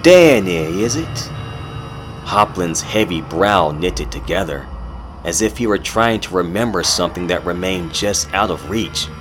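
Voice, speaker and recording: A man narrating a horror story in a measured, dramatic storytelling style, over background music. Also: sits low. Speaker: narrator and host. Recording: music playing underneath.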